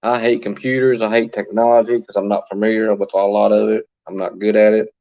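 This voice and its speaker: A man's voice: on the low side, level tone, fairly quick, mellow, highs cut off. A man hosting a casual livestream from his phone, chatting and greeting viewers by name as he answers their comments. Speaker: livestream host.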